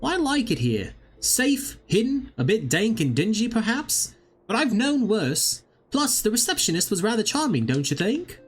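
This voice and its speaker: A man's voice: high voice, very animated, normal speed, breathy edge, soft background music, heavily acted. A man voicing a small, cheerful male engineer in a game, talking in a raised, bouncy voice.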